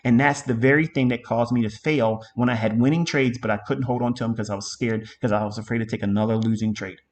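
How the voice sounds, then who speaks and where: A man's voice: mid-range voice, steady tone, fast. A middle-aged man teaching a live trading lesson in an emphatic, profane way, with a lot of repetition. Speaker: trading mentor.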